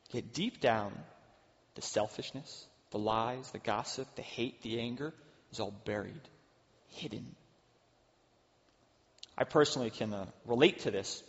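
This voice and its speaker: A middle-aged man giving a sermon as a pastor, earnest, rising to loud emphasis and dropping to hushed asides. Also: mid-range voice, unhurried, pauses often. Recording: dull sound with long hall reverb.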